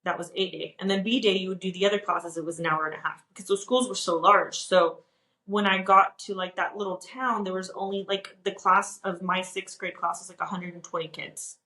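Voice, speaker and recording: A woman from Dallas, Texas, co-hosting a podcast, telling a personal story in an animated, chatty way with lots of "like". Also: fairly low pitch, brisk, reverberant, rough recording. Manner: animated, chatty, heavy use of "like". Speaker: podcast co-host. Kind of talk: casual chat, personal storytelling.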